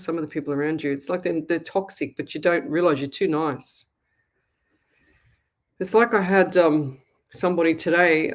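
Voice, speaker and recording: Blunt, chatty Australian woman host. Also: deep voice. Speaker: psychic medium radio host. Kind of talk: live call-in reading, casual chat.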